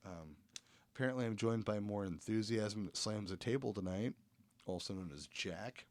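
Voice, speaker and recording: Low-voiced guy hosting a podcast, jokey, laughs a lot. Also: normal speed, darkish tone, no echo. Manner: joking, laughs often. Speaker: podcast host. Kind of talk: casual comedic chat. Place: small home studio.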